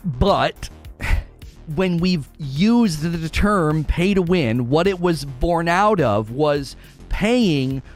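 Male streamer, somewhat high voice, exasperated rant, faint music behind. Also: animated, drawn-out words. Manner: argumentative, sarcastic, exasperated. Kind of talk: ranting commentary.

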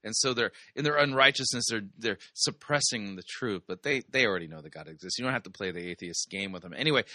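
A man's voice: fairly low pitch, fast talker, hardly any pauses, sharp tone, dry recording, clean studio sound. A man hosting a commentary show, casually critiquing sermon clips with sarcastic, incredulous asides. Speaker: host reviewing sermon clips.

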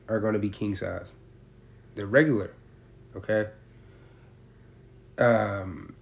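A man's voice: on the low side, creaky. Slangy, profane man talking casually. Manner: slangy, profane, streetwise talk; animated storytelling with acted-out quotes. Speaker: seller explaining prices. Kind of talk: casual chat.

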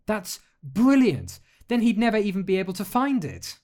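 A man's voice: a little high, very animated, moderate pace, voice pushed up. A man voicing an earnest, flustered young witch girl who stammers when embarrassed. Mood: eager.

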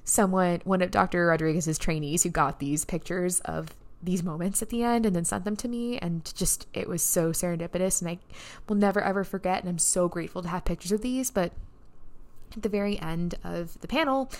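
A woman hosting her own podcast, telling a story casually and excitedly, with plenty of "like"s and a heartfelt, emotional edge. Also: on the low side, fairly quick. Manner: excited, breathless storytelling with frequent "like" and laughs. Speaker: podcast host and neuroscientist. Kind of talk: casual solo podcast recap.

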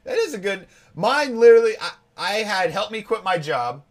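A man's voice: high-pitched, big pitch swings, moderate pace. A young man co-hosting a podcast, chatting casually and rambling, often quoting people in put-on voices. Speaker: podcast co-host. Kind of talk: casual chat.

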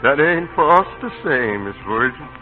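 An actor playing a calm, faithful older male servant who speaks quietly in dialect. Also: medium pitch, moderate pace, natural voice. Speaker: actor in an old film. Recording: tinny old film soundtrack with music.

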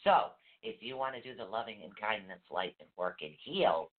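A man teaching meditation in casual chat, animated and emphatic, repeating key phrases. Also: fairly low pitch, normal speed. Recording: tinny phone-like line.

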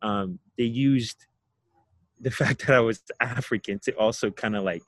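A man's voice: mid-range voice, unhurried, no room sound. Young guy from ghana telling his story, laughs a lot, trips over words, dry close sound. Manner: reflective, laughs often, repeats words. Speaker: guest. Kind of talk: casual storytelling interview.

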